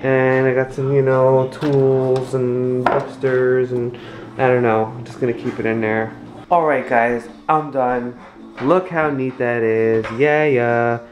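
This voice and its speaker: A man's voice: mid-range voice, steady tone, slow pace, poor audio. A young man chatting casually to viewers in a rambling home vlog. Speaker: family vlogger.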